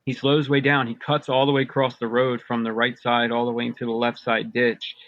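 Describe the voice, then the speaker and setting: A man's voice: mid-range voice, flat delivery, a little fast, a bit bright, no room sound. A man recounting personal experiences as a podcast guest, rambling through a long story with many fillers and restarts. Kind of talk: casual storytelling. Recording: dull lo-fi dry sound.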